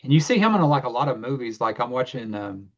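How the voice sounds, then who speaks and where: A man's voice: medium pitch, sing-song, quick pace, lo-fi sound. A man co-hosting a casual podcast, talking in a rambling way and restarting his thoughts. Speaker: podcast co-host. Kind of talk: casual chat.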